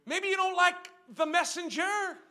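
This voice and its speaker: A man preaching a sermon as a guest speaker, swinging from quiet asides to shouted, drawn-out exhortation, repeating phrases and firing questions at the congregation. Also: very high-pitched, steady tone. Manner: emphatic, repeats phrases and asks the crowd questions.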